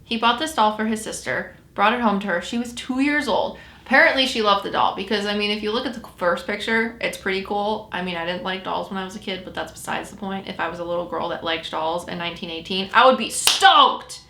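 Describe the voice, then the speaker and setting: Bright-voiced chatty woman storyteller. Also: mid-range voice, steady tone, fast, few pauses, roomy sound. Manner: chatty, self-correcting storyteller. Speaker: podcast host. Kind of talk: casual storytelling chat.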